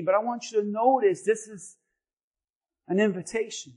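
A man preaching a sermon as pastor, telling stories animatedly and swinging between loud bursts and hushed lines. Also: sits high, steady tone, moderate pace.

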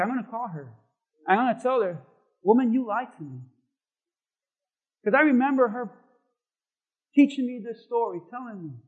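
A man preaching a sermon as pastor to a congregation, swinging between loud shouting and quiet, chatty asides. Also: sits high, narrow, tinny audio. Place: church sanctuary before a congregation.

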